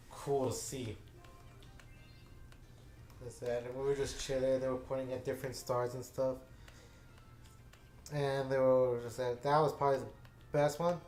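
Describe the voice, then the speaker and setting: A man's voice: mid-range voice, a little mellow. A man tells a story in a loose, rambling way, stopping and restarting often. His voice sits in the middle range. The room around him rings with echo. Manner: rambling, with many fillers and restarts. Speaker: gaming channel host. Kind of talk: casual storytelling chat. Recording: echoey room.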